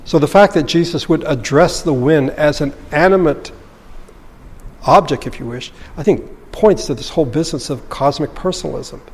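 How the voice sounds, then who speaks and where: A man's voice: a little high, normal speed, husky, big-room sound. A man preaching a sermon as a pastor, earnest and explanatory, often asking rhetorical questions.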